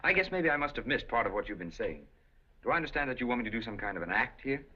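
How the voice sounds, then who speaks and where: An actor playing a penniless gentleman gambler in a 1930s film, polite but flustered and protesting. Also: mid-range voice, very animated, very fast, slightly rough, full character voice. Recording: dull 1930s film soundtrack.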